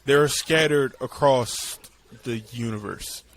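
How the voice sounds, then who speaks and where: Blunt guy cohosting a podcast, swears constantly, talks in quick bursts, faint hiss. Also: mid-range voice, a bit bright. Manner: blunt, profane, fast bursts. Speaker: podcast co-host. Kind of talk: casual chat.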